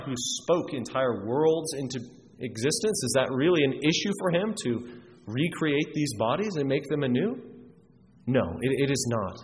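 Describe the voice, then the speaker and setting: A man preaching a sermon, earnest and emphatic, often restarting his phrases. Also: mid-range voice. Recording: reverberant hall, faint noise.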